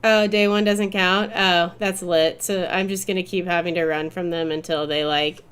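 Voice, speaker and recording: A young woman streaming a game, chatting casually to her viewers and swearing, with loud flare-ups whenever the game frustrates her. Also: on the low side, fairly even intonation, moderate pace, clean tone. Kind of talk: live gameplay commentary.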